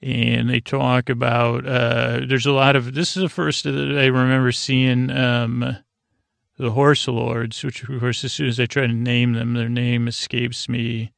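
A man's voice: medium pitch, level tone, unhurried, creaky, clear, resonant tone, dry recording. A male podcast host giving a casual, rambling recap of a TV episode and often correcting himself mid-sentence. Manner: rambling, loose, self-correcting.

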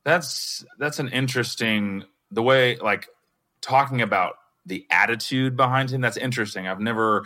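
A man's voice: lowish voice, sharp tone. A man with a Southern US twang, a guest reading scripture aloud expressively and chatting casually.

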